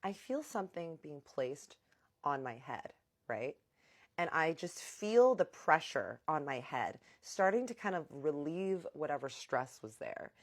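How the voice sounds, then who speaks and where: A woman with a low-pitched voice tells a wild personal story to her viewers. Her pitch leaps and drops with the drama as she builds each moment. She talks casually and theatrically, speaking straight to the audience. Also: measured pace. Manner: animated, dramatic, addresses viewers directly.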